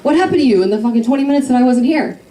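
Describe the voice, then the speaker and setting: A woman's voice: high voice, lively intonation, very fast, dark tone, voice pushed up. A woman voicing a blunt, foul-mouthed young female friend during a stand-up set, in a distant, roomy club recording with crowd laughter. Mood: exasperated. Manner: blunt, exasperated, swearing. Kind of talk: stand-up comedy.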